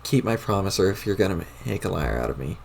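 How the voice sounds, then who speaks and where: A man's voice: low-pitched, big pitch swings, fast, vocal fry, a little hiss or hum, exaggerated voice. A man voicing a smug, scheming young female troll while reading a webcomic aloud, with a mocking tone.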